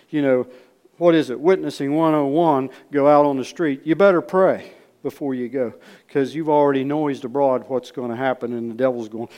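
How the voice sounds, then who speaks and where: A man preaching in a storytelling way, folksy and repetitive, swinging from loud re-enactment to hushed asides. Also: mid-range voice. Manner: repeats words, folksy speech. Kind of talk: storytelling sermon.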